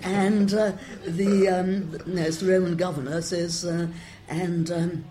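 Low-voiced older woman translator, wry. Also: fairly even intonation, a little slow, few pauses, dark tone, a little hiss or hum. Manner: discursive and wry, quoting verse with relish. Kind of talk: interview answers.

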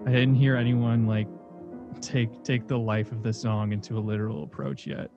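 A man hosting a casual chat, answering in a relaxed, easygoing way. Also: on the low side, moderate pace, highs cut off, music in the background.

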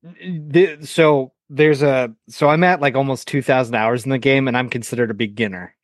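A man with a mid-range voice tells animated stories as a podcast guest, slipping into quoted voices and cursing casually. The sound is close and dry, with no room around it. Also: medium pitch, normal speed, no echo. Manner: animated storyteller, acts out quotes, profane.

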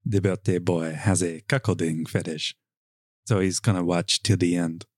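A man's voice: low-pitched, steady tone, moderate pace, darkish tone, no echo, clean studio sound, pitched below the performer's own voice. A man voicing a tall, lanky French man with a hammy mock French accent, read aloud from a comic erotic story. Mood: smug.

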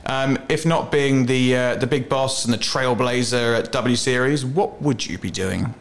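A man co-hosting a podcast, chatty and quick with joking asides. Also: medium pitch. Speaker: podcast co-host. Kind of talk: casual podcast interview.

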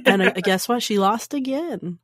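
A woman reporting on a casual political comedy podcast, blunt and profane, quick to giggle. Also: mid-range voice, expressive, no echo, studio quality. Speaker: podcast correspondent. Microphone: remote call recording.

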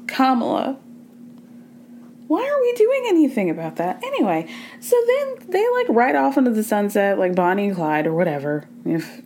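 A woman's voice: medium pitch, a little mellow, a little hiss or hum. A woman hosting a podcast, giving a casual, profane recap of reality TV and acting out what the cast said. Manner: chatty, profane, acts out quotes in changing voices. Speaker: podcast host. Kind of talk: casual pop culture recap.

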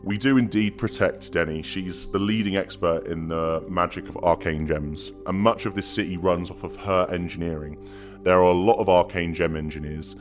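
Man playing a deep-voiced calm leader. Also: natural voice. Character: calm leader of a protective group.

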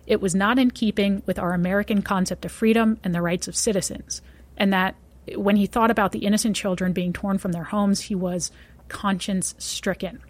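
A woman's voice: medium pitch, fairly even intonation, brisk. A woman co-hosting a casual podcast, running a trivia quiz with playful, teasing remarks.

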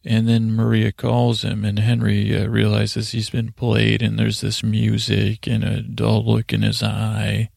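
A man hosting a sleep podcast, recapping a show in a meandering, halting way with deadpan asides. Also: fairly low pitch, creaky, dry recording, clean studio sound. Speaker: podcast host.

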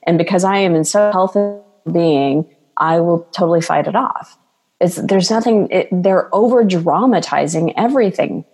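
Earnest woman coach, low voice with reverb. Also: normal speed, a little mellow, slightly rough, faint music behind. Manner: earnest, flowing, acts out quoted voices. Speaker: podcast guest, coach. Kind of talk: casual interview talk.

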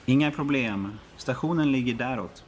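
A man playing a brisk airport desk clerk. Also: mid-range voice, natural voice. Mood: helpful. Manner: fast, matter-of-fact helpfulness. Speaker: airport information desk clerk in a practice dialogue. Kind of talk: scripted dialogue for learners.

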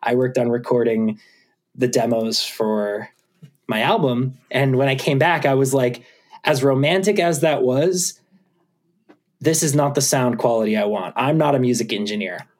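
Musician guy being interviewed, chatty and animated, swears a lot, mid pitch. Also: normal speed. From USA. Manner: animated, swearing, acts out his own thoughts. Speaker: musician guest. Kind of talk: casual interview chat.

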